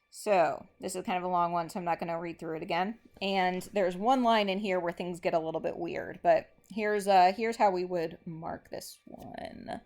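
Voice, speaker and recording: A woman's voice: fairly low pitch, steady tone, normal speed, few pauses, darkish tone. A woman English teacher giving a recorded lesson, methodically explaining step by step while marking a board.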